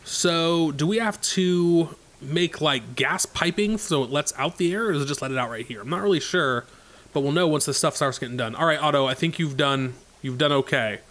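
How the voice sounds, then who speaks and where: A man's voice: a little high, normal speed, a bit bright. A man casually commenting on his own gameplay, thinking aloud in a chatty way with many fillers. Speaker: let's play host.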